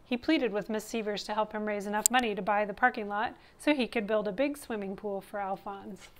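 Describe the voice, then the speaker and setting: A woman narrating a children's picture book, reading aloud in an expressive, steady way. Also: medium pitch, fairly quick, a little hiss or hum. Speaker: storyteller.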